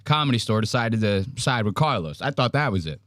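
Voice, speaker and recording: A man hosting a casual commentary podcast, ranting loudly and mocking with a lot of profanity. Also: on the low side, sing-song, a little fast, no room sound. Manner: loud, profane, mocking rants. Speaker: podcast host.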